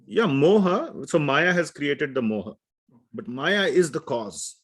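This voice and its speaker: A man's voice: fairly high pitch, lively intonation, a little slow, slightly rough. A man teaching a scripture class in a conversational way, often asking his students questions and telling stories. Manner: conversational, asks the class questions, tells anecdotes.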